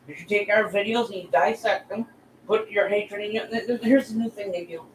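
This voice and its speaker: A woman's voice: mid-range voice, fairly quick, slight background noise, low-quality recording. A middle-aged woman vlogger giving a heated, profane rant straight at her critics. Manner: profane, heated, addresses bullies directly. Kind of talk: angry direct-to-camera rant.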